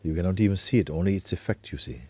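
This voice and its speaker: A man acting as a spiritual teacher, talking gently and unhurriedly in an informal talk, often adding tag questions like "you see". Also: deep voice, very fast, slightly rough.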